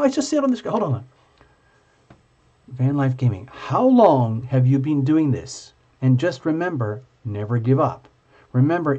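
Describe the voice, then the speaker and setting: A man hosting a live tarot stream, chatting with viewers in an excitable, gushing and playful way. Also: medium pitch. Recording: dull lo-fi stream audio.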